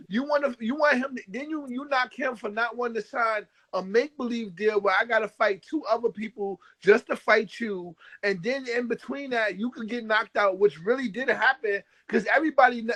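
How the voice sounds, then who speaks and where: A man's voice: very high voice, pushed and bright, rough recording. A man hosting a boxing talk panel, breaking in with questions and filler words in casual debate. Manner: questioning, interjects with "like" and "time out".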